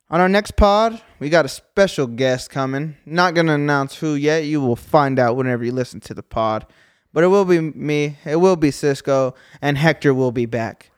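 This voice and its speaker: A man's voice: fairly high pitch, dry recording, studio quality. A man hosting a podcast in casual chat, brash and joking, swearing freely. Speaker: podcast host.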